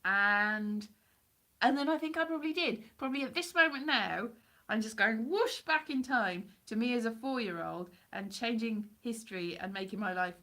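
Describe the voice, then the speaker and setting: A woman's voice: fairly high pitch, moderate pace, sharp tone. A woman from Wales with a Welsh accent blurred by years in England, chatting in a rambling, self-deprecating way on a live stream. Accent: Welsh mixed with English Midlands. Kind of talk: rambling casual chat.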